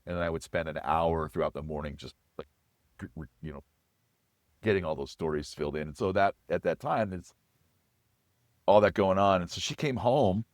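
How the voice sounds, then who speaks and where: A man's voice: low voice, normal speed, pauses often, no room sound, clean studio sound. A man in his forties sharing his recovery and faith story as an interview guest, earnest and reflective. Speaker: guest, chef. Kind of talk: personal testimony in an interview.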